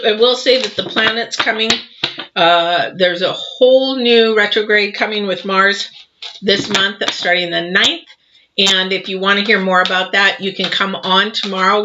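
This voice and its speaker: A woman's voice: medium pitch, highs cut off, noisy background. A woman doing a live tarot reading, chatty and rambling, with lots of fillers and her mouth still full of cookie dough. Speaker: tarot reader.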